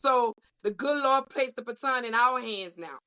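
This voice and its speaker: On dull lo-fi audio, a woman closes out a podcast panel with emotional, heartfelt remarks, echoing phrases in the manner of a preacher. Her slightly high voice is animated, bright, smooth and forceful at a normal pace, and she's a co-host representing a union caucus.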